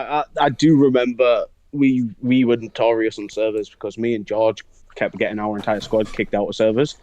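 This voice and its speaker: A man's voice: lowish voice, a little mellow, no room sound. Young man, casual podcast banter, swearing, mocking, dry close mic. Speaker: podcast co-host. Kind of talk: casual gaming chat.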